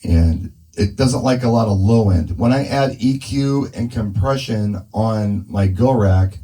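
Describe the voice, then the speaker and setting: Man with a very dark voice. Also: lowish voice, a little slow, poor audio. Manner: thinking aloud while adjusting settings. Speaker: mobile DJ testing gear. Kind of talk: casual demo talk. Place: indoor room with a speaker. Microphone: handheld dynamic mic through a PA speaker.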